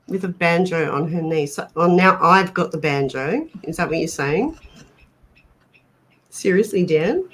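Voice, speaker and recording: A woman's voice: fairly low pitch, animated, measured pace, fairly bright tone. An Australian woman co-hosting a livestream, chatting and bantering playfully with viewers. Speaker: co-host of a paranormal livestream. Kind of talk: casual livestream chat.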